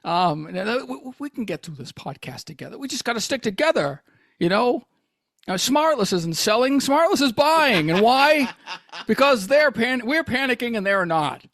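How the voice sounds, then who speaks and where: A man's voice: very high-pitched, sing-song, moderate pace, fairly bright tone, no room sound, pitched above the performer's own voice, full character voice. A man doing a comedic impression of a stammering, folksy old-time film leading man, drawling and pleading.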